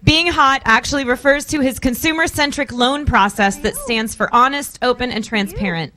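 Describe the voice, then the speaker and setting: A woman's voice: sits high, lively intonation, moderate pace, sharp tone. A woman from the American South introducing a conference speaker, reading his bio in a playful, teasing way. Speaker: event host introducing the speaker. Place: conference hall.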